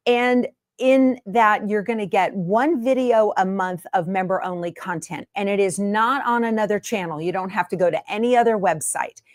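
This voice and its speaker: A woman's voice: medium pitch, normal speed, hardly any pauses, dry recording, clean studio sound. A woman hosting her sewing channel in a chatty, homey way from her sewing room. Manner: chatty and homey, many fillers. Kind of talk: casual chat to camera.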